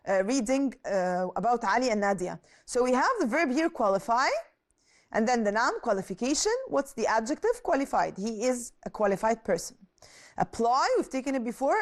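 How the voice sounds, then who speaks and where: A woman teaching an English lesson, asking questions and answering them herself, and adding quick translations in Arabic. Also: fairly high pitch. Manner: switches into Arabic to translate words. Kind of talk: explaining a lesson.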